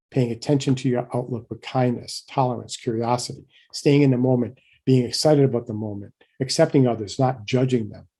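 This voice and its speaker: A middle-aged man giving a keynote lecture in a conversational way, often checking in with listeners and getting animated when he acts out examples. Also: medium pitch, husky. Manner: conversational, frequent restarts and "right?" asides.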